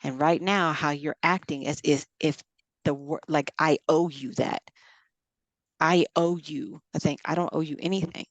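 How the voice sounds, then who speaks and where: A woman's voice: sits low, fairly even intonation, normal speed, dry recording. A middle-aged woman in casual chat, telling stories and quoting others in dialogue as a podcast co-host.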